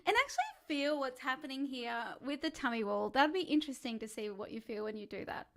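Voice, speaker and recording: A female singing coach with a high-pitched, sing-song voice that is fairly quick, gravelly, and fairly bright leads a live-streamed lesson. She's chatty and encouraging, demonstrating sighs, whimpers, and calls.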